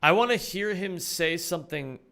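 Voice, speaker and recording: A man reacting on a live stream, animated and thinking aloud with casual swearing. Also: high-pitched, normal speed, vocal fry.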